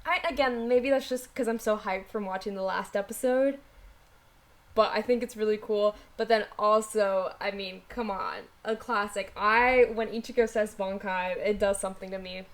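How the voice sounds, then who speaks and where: A woman's voice: medium pitch, fairly even intonation. A young woman in her twenties co-hosting a podcast, talking casually and enthusiastically. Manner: enthusiastic, quick agreeing interjections. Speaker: podcast co-host. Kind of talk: casual chat.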